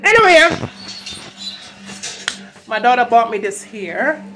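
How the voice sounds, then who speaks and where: A woman's voice: medium pitch, a little slow, music in the background. A tired woman hosting a casual cooking vlog in her home kitchen, chatting to viewers as y'all while filming on her phone. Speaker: cooking channel host.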